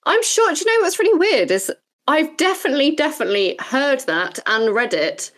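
A woman's voice: high voice, big pitch swings, fairly quick, a bit bright. A woman hosting a podcast in upbeat, casual chat. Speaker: podcast host.

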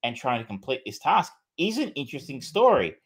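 Male podcast co-host, mid-pitched, casual and rambling, loose with fillers. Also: big pitch swings, brisk, breathy edge. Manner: rambling, many fillers and restarts, swears casually. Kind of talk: casual film review chat.

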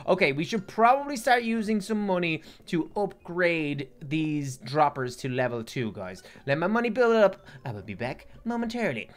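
A woman giving excitable, playful gameplay commentary and talking to her viewers. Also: lowish voice, moderate pace, few pauses. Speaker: gaming YouTuber.

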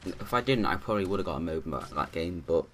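A man's voice: low-pitched, animated, quick pace, a bit bright, a little hiss or hum. A man giving rambling, casual commentary over his own gameplay, full of restarts and fillers.

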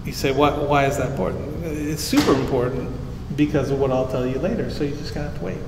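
A man's voice: mid-range voice, fairly even intonation, fast talker, background noise. A man preaching a sermon as pastor, teaching in a conversational way and rising to emphasis when he quotes scripture. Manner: conversational teaching, explains Hebrew terms simply, rises emphatic on scripture. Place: church sanctuary. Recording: echoey church hall.

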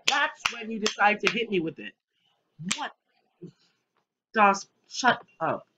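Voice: medium pitch, sing-song, slow pace, long pauses, bright, forceful tone, a little hiss or hum. A young adult gamer giving let's play commentary, joking, rambling and talking back at the game on screen. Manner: jokey, rambling, talks to the game. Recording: dull lo-fi recording.

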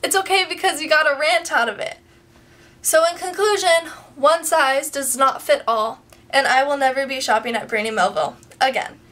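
A woman's voice: sits high, moderate pace, bright, forceful tone, recorded from a distance. A young woman vlogger ranting in a chatty, frustrated way to her viewers. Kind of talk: casual vlog rant.

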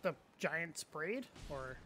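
A man's voice: fairly high pitch, animated, slow pace, over music. A man in casual gaming chat, joking around, laughing and swearing now and then. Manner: jokey, laughs often, swears. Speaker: gamer.

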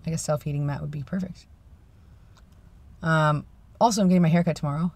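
A man's voice: fairly high pitch, steady tone, a little fast, pauses often, a little hiss or hum. A young man in his twenties, vlogging casually in a rambling, self-deprecating way. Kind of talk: casual vlog chat.

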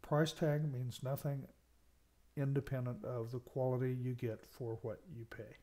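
In this recorded management lecture, an American university lecturer speaks a little slowly, with a dark, mid-range voice that barely moves in pitch. He lays out his points, emphasizes important words, and regularly checks in by saying "okay."

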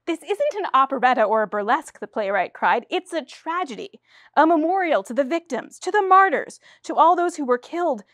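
A woman voicing an impassioned woman playwright who cries out her lines high and loud during a read-aloud story. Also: moderate pace, hardly any pauses, no room sound, studio quality, lightly acted.

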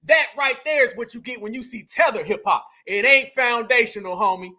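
A man with a very high, sharp, bright voice delivers mocking reaction commentary to his viewers. He jeers, repeats catchphrases and turns up the volume to a shout when he's worked up. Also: brisk. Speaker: commentary show host.

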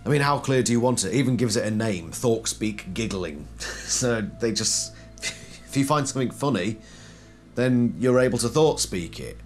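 A man's voice: mid-range voice, expressive, moderate pace, soft background music. A man giving a casual explanatory commentary, posing questions and then answering them himself. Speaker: video essayist.

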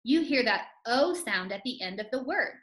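A woman teacher giving a scripted phonics lesson to young children, speaking slowly and clearly and stretching out sounds. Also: on the high side, lively intonation, fairly bright tone, echoey room, poor audio.

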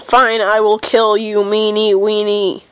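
Casual gameplay commentary comes from a congested-sounding young woman, silly and wandering with theatrical flair. Her smooth, medium-pitched delivery is monotone and unhurried, though the recording itself is rough.

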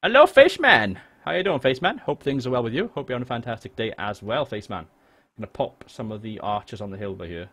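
A man's voice: medium pitch, fast talker. Chatty Welsh man streaming a game. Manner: excitable, jokey, swears freely. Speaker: game livestreamer. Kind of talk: casual live gameplay chat. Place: home room.

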